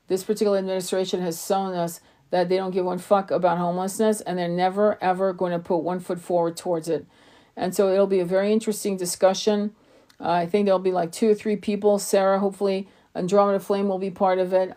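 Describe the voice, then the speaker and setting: A woman's voice: mid-range voice, mellow. A woman hosting a live stream, talking casually and bluntly, swearing freely and restarting her sentences, her throat sore and tired. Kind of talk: casual livestream chat.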